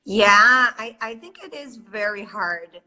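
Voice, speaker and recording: A Brazilian woman, Portuguese her first language, hosts a casual live chat as an English teacher, speaking English with a Brazilian accent. Her mid-range voice is animated, slow, bright and forceful, though the audio is poor.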